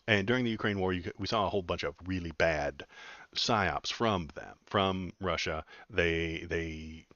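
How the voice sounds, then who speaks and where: Deep-voiced sarcastic man streaming. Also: measured pace, a bit bright, dry recording, dull audio. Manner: sarcastic, rambling, frequent filler words. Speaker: political commentary streamer. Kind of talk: casual livestream commentary.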